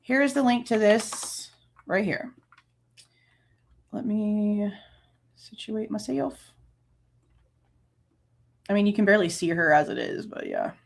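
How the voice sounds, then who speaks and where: A woman's voice: mid-range voice, animated, takes it slowly, gravelly, long pauses. A woman, hosting a true crime livestream, ranting angrily, swearing and laughing between outbursts. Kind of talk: casual livestream rant.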